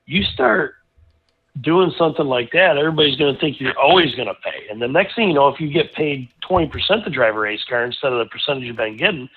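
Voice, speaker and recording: A middle-aged man, a guest racing driver, telling a rambling, animated anecdote in casual conversation, full of restarts. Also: medium pitch, fast, hardly any pauses, breathy edge. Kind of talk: casual storytelling. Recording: tinny phone-like line.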